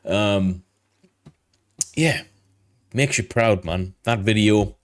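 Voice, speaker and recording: A British man, a Royal Marine, talking sincerely and haltingly in a casual reaction vlog. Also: on the low side. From Britain. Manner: halting, sincere, full of fillers.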